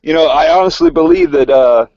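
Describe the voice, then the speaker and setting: Male podcast co-host: gravelly, very expressive pitch, plain-spoken, dull lo-fi sound. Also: fairly quick, no room sound. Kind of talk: casual chat. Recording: dull lo-fi audio.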